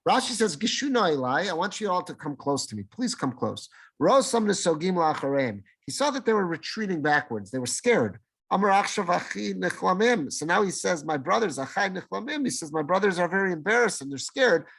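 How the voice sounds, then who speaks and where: Rabbi, middle-aged, higher-pitched man, teaching a Torah class and acting out the quotes. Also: sing-song, brisk, gravelly, a bit bright, husky. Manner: explains Hebrew verses in English, acting out speakers' lines.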